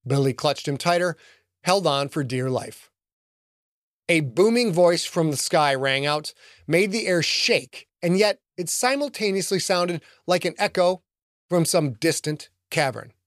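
A man narrating an action audiobook in an expressive storytelling manner. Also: fairly high pitch, a little slow, no room sound, studio quality.

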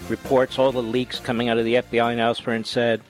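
A man hosting a political talk radio show, emphatic, jumping between loud rising outbursts and low asides into a studio microphone. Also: level tone, fast talker, soft background music.

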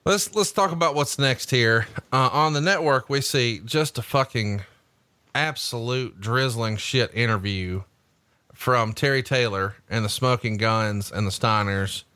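A man's voice: mid-range voice, measured pace, sharp tone, no room sound. A man hosting a podcast, asking blunt, profane questions in casual interview style. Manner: crude, reads book passages aloud. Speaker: podcast host.

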